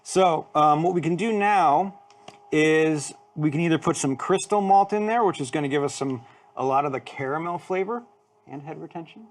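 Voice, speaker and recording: Steady man explaining brewing grains. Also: on the high side, moderate pace. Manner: steady, explains ingredients plainly. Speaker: brewer co-host. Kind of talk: casual chat explaining brewing.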